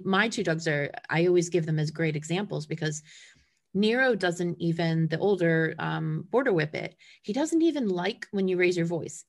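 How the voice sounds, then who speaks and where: A woman in a casual conversation about dog training, talking animatedly and acting out her dogs' reactions. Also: fairly low pitch.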